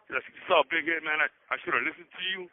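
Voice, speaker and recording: A man's voice: on the high side, fast talker, dry recording. A man in prison, telling a long story over the phone in profane street slang, repeating himself as he goes. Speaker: prison inmate on a phone call. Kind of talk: rambling casual storytelling. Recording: tinny prison phone line.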